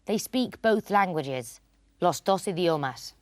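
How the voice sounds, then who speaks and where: A woman presenting a scripted English lesson in a clear, teacherly way, glossing phrases in Spanish. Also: lowish voice, lively intonation, a little slow, a little mellow, no room sound, clean studio sound.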